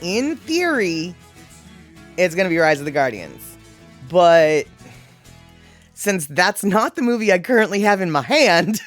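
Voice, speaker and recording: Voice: mid-range voice, very animated, unhurried, pauses often, soft background music. A livestream host in their forties chatting casually and reading viewer comments aloud, playfully exasperated.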